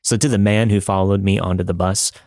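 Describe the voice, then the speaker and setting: Man, lowish voice, dry close studio sound; reads horror stories with dramatic, measured pacing. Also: steady tone, darkish tone, dry recording. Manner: dramatic, measured storytelling delivery. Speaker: podcast story narrator. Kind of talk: scripted narration of listener stories.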